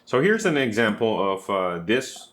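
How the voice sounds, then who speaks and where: Male guitarist, low voice, relaxed home-room tutorial delivery, talks the viewer through it step by step. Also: a little slow. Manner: chatty, explains step by step with asides to the viewer. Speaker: guitarist and teacher.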